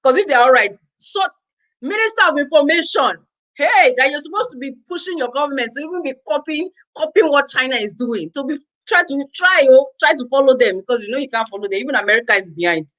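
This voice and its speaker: A woman's voice: high-pitched, lively intonation, fast, fairly bright tone, poor audio. A Nigerian woman vlogging to her viewers, ranting in an exasperated, exclamatory way, with lots of repetition. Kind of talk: casual ranting commentary to viewers.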